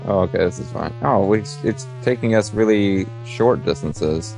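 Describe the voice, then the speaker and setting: Gravelly man joking through a game. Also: on the low side, moderate pace. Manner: joking, explains game mechanics. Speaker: let's play co-host. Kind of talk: casual game commentary.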